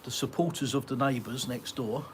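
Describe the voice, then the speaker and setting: A man's voice: mid-range voice, normal speed, a little hiss or hum. An English man from Britain hosting a casual live Q&A from his garden, rambling and chatty with many ums and uhs as he reads viewer comments aloud. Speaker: live-stream host answering viewer chat.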